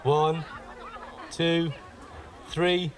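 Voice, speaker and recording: A man's voice: fairly high pitch, flat delivery, drawn-out words, slight background noise. A man playing a cheeky prankster who sets up a joke on passing tourists. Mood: gleeful.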